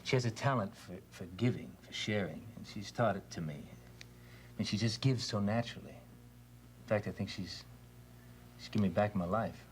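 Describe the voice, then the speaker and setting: An actor playing an earnest widower in a TV soap opera, speaking in a heartfelt, reflective way. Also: male voice, lowish voice, normal speed, a little hiss or hum, natural voice.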